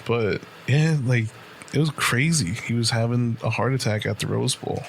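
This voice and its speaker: Against slight background noise, a man in his late twenties co-hosting a podcast delivers a long, profane, casual story stuffed with "like" and "right?". His voice is medium-pitched with vocal fry, and he talks at a normal speed.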